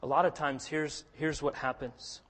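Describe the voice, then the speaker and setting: A man with a high-pitched voice preaches with earnest conviction. He drops to a hush for stories and rises to forceful emphasis on his key points. His voice rings through a hall with a long reverb. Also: flat delivery, normal speed. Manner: earnest, swings between hushed storytelling and forceful emphasis. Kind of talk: sermon.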